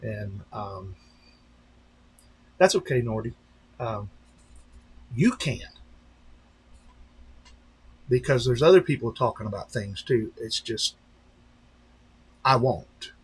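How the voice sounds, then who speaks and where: A man hosting a casual live stream, rambling along with many fillers and restarts and slipping into lively voices when he retells a story. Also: medium pitch, slow pace, long pauses, slightly rough, low-quality recording. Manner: breaks into animated voices when retelling stories. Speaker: channel host on a live stream.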